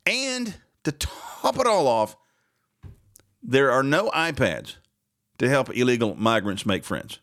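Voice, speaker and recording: A man voicing a prissy, scandalized commentator, with high, drawn-out mock outrage. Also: big pitch swings, fairly bright tone, dry recording, clean studio sound, exaggerated voice.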